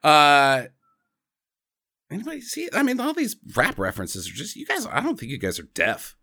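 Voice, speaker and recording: Animated man recapping a movie, bright voice. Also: fairly high pitch, normal speed. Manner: animated retelling with silly voices and laughs. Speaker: podcast host. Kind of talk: casual movie recap chat.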